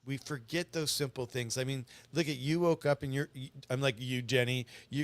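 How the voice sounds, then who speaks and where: A man's voice: medium pitch, moderate pace, dry recording. A middle-aged man chatting as a guest, telling stories in an earnest, rambling way. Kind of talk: casual storytelling chat.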